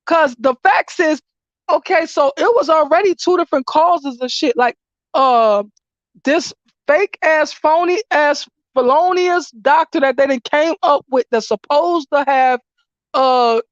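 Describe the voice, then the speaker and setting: A woman vlogs in a raw, ranting commentary, her high voice swinging from loud, cursing outbursts to low mutters. The sound is close and dry, with a dull, lo-fi edge. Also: unhurried, no room sound. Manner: emotional, ranting, profane, swings between shouting and muttering. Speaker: vlogger. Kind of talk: angry commentary vlog.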